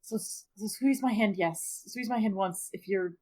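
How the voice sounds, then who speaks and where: A woman's voice: medium pitch, moderate pace, mellow, natural voice. A woman playing an earnest young male adventurer who speaks tenderly, stumbling and repeating words. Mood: pleading. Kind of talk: in-character role-play.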